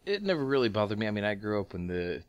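A man's voice: lowish voice, sing-song, fast, clear, resonant tone, no echo, dull audio. A man co-hosting a podcast in laid-back casual chat, drawling loosely and trailing off mid-thought. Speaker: podcast co-host.

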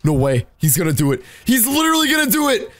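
An excitable male gaming host with a high voice. He talks to viewers in bursts, his pitch leaping up and down. Faint music plays under him. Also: fast talker, no room sound. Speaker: Minecraft video host.

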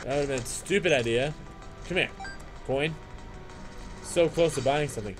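A young man hosting a let's play, commenting on his game with excitable trash talk, jokey asides and sing-song chanting. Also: fairly high pitch, moderate pace, music in the background. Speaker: gaming channel host.

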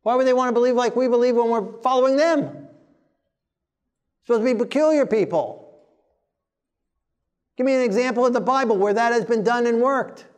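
A man preaching a sermon, forceful and plain-spoken, mocking timid voices as he quotes them. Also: very high voice, normal speed, pauses often, clear, resonant tone.

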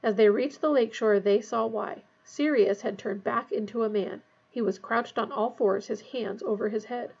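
A woman narrating a fantasy novel aloud in a tense, hushed storytelling manner. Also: a little high, moderate pace, creaky, hardly any pauses, breathy edge, highs cut off. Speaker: audiobook reader.

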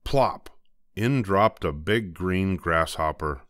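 Grandpa reading a kids book, smooth lowish voice, dry close sound, gentle and slow at the tense bits. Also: male voice, dry recording. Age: older. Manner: gentle, slowing for dramatic moments. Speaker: storybook reader. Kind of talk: reading a children's picture book aloud.

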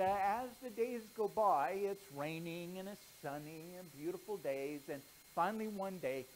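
A man pastor telling a children's story with lively storytelling before earnest preaching. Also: high voice, slight background noise, rough recording.

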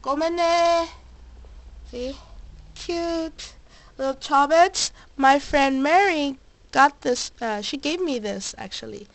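This is a casual bedroom vlog in which a young woman shows off her collection, bubbly and effusive with little cheers, yet slightly breathless and sick. Her voice sits high and is gravelly, and she takes it slowly. It's a low-quality recording from a moving handheld camera mic.

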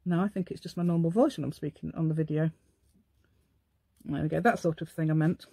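A middle-aged woman hosts a craft channel, rambling and chatting to herself as she works through a casual crafting demo in a playful, put-on posh telephone voice. Her voice is low, mellow and slightly rough with vocal fry, and her intonation stays fairly even at a fairly quick pace. The recording is dry.

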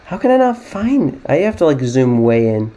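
A man's voice: fairly high pitch, very animated, moderate pace, warm tone. A young American man giving casual, self-mocking commentary as he plays a geography guessing game, rambling and thinking aloud. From United States. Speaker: gaming YouTuber.

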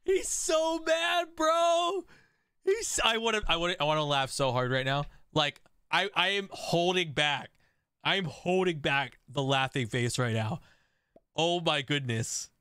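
A young man commentates his own online game stream, cracking up at other players and answering chat. His voice sits high and bright. It sounds close and dry, with no room around it. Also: moderate pace, smooth, no echo. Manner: excitable, laughing, reacting to chat.

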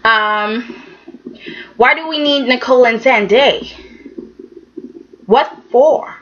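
A chatty woman recaps a soap opera at an unhurried pace, her voice bright and slightly high. She is emphatic, keeps checking in with "okay", and acts out the characters' lines. The recording sounds a little dull and lo-fi. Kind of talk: casual recap commentary.

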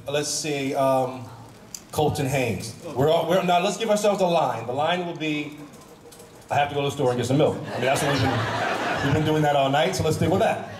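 A man on a live panel doing playful comic impressions of his castmates for an audience. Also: on the high side. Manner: playful, teasing, with quick vocal impressions. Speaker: actor on a convention panel. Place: large convention hall with an audience. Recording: echoey hall, crowd noise, distant mic.

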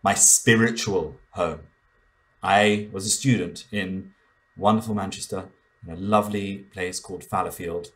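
A young man doing a stand-up comedy bit, playful and mock-indignant, breaking into sudden loud outbursts. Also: low-pitched. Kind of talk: animated stand-up monologue.

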